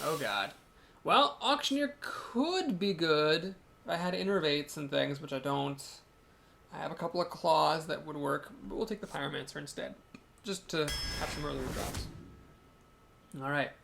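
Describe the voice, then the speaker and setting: A chatty man with a slightly high, gravelly voice thinks aloud through his card game, joking at his own expense. His desk mic picks up a steady hiss and mouse clicks behind him. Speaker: game video host. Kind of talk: casual gameplay commentary.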